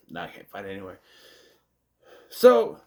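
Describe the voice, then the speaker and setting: A man's voice: sits low, wildly swooping pitch, slow, vocal fry, dark tone. A man, casually reviewing a movie in a rambling, chatty way, with self-deprecating asides. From United States.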